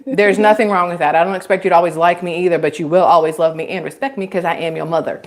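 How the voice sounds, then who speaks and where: A woman's voice: on the low side, fairly even intonation, fast. A woman in her forties hosting a casual livestream, chatting and joking and reading viewer comments aloud. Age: 40s. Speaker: livestream host and mother.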